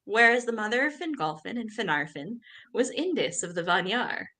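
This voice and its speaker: A woman's voice: mid-range voice, moderate pace. A woman co-hosting a podcast, reading a fantasy text aloud between bursts of banter and laughter. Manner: animated, laughs often. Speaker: podcast co-host.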